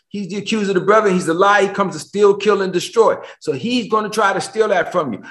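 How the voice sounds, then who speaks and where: A man preaching a sermon as pastor over a video call, emotional, swinging between shouted questions and low, quiet lines. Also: quick pace, hardly any pauses, echoey room.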